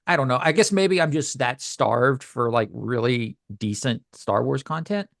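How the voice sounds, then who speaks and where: A male podcast co-host talks a little slowly in a medium-pitched voice with vocal fry, recorded in a clean studio with no room sound. It's a casual review chat, and he rambles hesitantly with lots of fillers and restarts.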